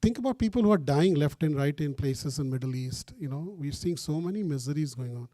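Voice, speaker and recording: A man's voice: on the high side, a little fast, no echo. A man, a priest giving a retreat talk, telling a story animatedly and acting out the dialogue. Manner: animated, acts out phone dialogue, mixes in Hindi phrases. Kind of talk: storytelling sermon.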